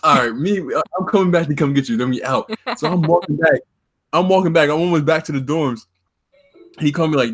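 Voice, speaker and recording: A man's voice: on the high side, fairly quick. A young man co-hosting a podcast, telling his side of a story in slangy, laid-back casual chat. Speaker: podcast co-host.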